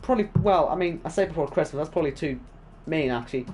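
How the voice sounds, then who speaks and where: A man, hoarse and worn out, casually wrapping up an esports race stream and chatting with viewers. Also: fairly high pitch, animated, quick pace, a little mellow, faint music behind. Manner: chatty, reads chat aloud, self-deprecating. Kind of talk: casual stream sign-off commentary.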